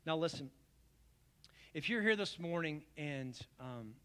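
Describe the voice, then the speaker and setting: A man pastor preaching a communion sermon to his congregation, earnest and pleading, swinging from emphatic calls down to low, quiet invitations. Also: lively intonation, unhurried, clear, resonant tone. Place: church service.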